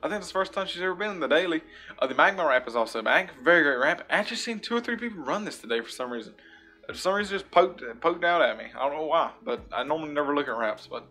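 A man's voice: fairly high pitch, fast talker, bright, forceful tone, faint music behind. A man hosting a casual gaming video at home, reviewing in-game shop items in a rambling, upbeat way and repeating his praise often. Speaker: gaming YouTuber host. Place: home room.

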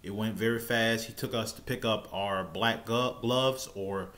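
A man's voice: lowish voice, fairly even intonation, a little slow, a bit bright. A man telling a personal story in a casual, rambling way, often repeating and restarting his words. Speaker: storytelling vlogger.

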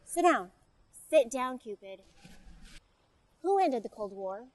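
A woman's voice: a little high, sing-song, takes it slowly, heavily acted, low-quality recording. A woman playing a tough, foul-mouthed military drill instructor in a comedy sketch, barking bossy commands. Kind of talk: comic sketch acting.

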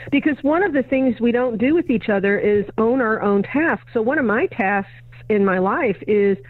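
A woman's voice: a little high, lively intonation, normal speed, no echo. A woman guest on a podcast, telling a story in conversation and acting out both sides of a dialogue. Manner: acts out both sides of a dialogue, plays each remembered voice. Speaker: podcast guest, educator and consultant. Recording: narrow, phone-like audio of a remote interview.

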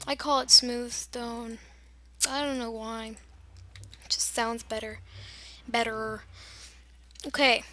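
A woman's voice: on the high side, flat delivery, unhurried, pauses often, bright, forceful tone. A young woman chatting and rambling through casual gameplay commentary, giggling and wandering off on silly tangents. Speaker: gamer.

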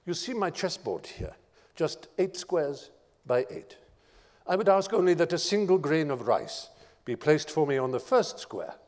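A man's voice: on the high side, animated, a little slow, darkish tone, in a large hall, voice pushed up. A man voicing a cunning, modest old male inventor in a spoken story. He explains things with sly patience.

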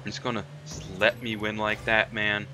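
A young man giving excited, trash-talking commentary while playing a video game, tossing "man" and "mate" into nearly every line. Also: lowish voice, normal speed, background noise. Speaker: gamer. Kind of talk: live gameplay commentary.

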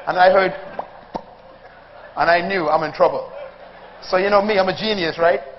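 A man's voice: sits high, normal speed, pauses often, a little hiss or hum. A male pastor preaching a humorous sermon before a congregation, telling childhood stories, acting out voices and calling on the audience. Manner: animated storytelling, acting out voices, calls to the congregation. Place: church hall before a live congregation. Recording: dull sound in a reverberant hall.

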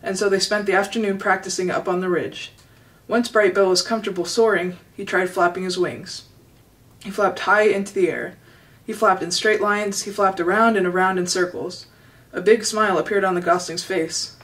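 A woman's voice: mid-range voice, fairly even intonation, moderate pace, fairly bright tone, far from the mic, poor audio. Woman reading a children's book aloud. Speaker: storybook reader.

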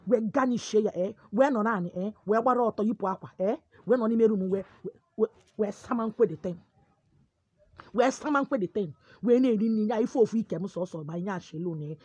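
A woman with a Nigerian Igbo accent gives a forceful, preachy monologue, switching between pidgin and Igbo. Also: medium pitch, a little fast, breathy edge, no echo, lo-fi sound. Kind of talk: animated monologue.

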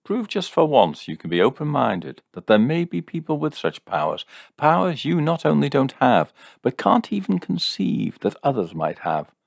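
A man's voice: medium pitch, big pitch swings, moderate pace, gravelly, no room sound, studio quality, pitched above the performer's own voice. A man reading a story, voicing a defiant, argumentative young woman who believes in psychics. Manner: argumentative, sarcastic.

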